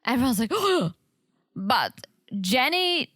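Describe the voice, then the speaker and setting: A woman with a fairly high voice chats casually on a recap podcast, often jumping in to agree. Her speech is easygoing and conversational. The recording is dry and close. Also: sing-song, fairly bright tone, husky, no room sound. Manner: chatty, quick agreeing interjections. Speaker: podcast co-host.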